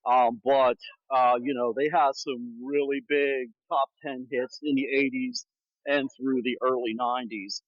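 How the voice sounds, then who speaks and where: A man's voice: mid-range voice, level tone, measured pace, no room sound. A male podcast host speaks candidly while walking outdoors, a little short of breath. His voice sits in a middle range. It comes through a dry, somewhat dull lo-fi recording. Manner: candid storytelling, frank about bad guests. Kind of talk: casual chat. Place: outdoors on a walk.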